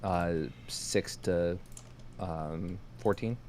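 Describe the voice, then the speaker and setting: A man chatting on a stream call, animated and self-mocking. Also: deep voice, drawn-out words. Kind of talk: casual chat on a voice call.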